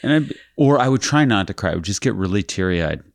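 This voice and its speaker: Man, 30s, podcast co-host, very low voice, self-deprecating humor. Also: animated, fast, vocal fry, a little hiss or hum. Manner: laid-back, wry, self-deprecating. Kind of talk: casual chat.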